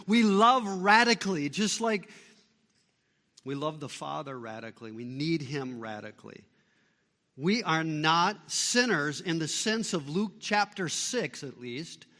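A male pastor preaching a sermon, shifting between loud emphatic bursts and quiet low passages. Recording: long reverb of a large hall.

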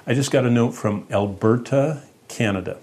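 A man preaching a sermon as pastor, in an earnest teaching manner, with lively swings in pitch and loudness. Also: moderate pace.

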